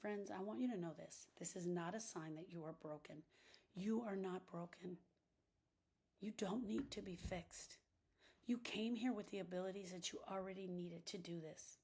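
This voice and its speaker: A middle-aged woman giving an impassioned grief-coaching talk, repeating phrases for emphasis and swinging between hushed and loud lines. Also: mid-range voice, normal speed, slightly rough. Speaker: grief coach and podcast host.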